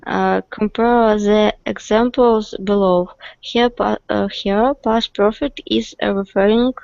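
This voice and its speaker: A woman, a student reading aloud haltingly in an online English lesson. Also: medium pitch, steady tone, gravelly, darkish tone, no echo, lo-fi sound.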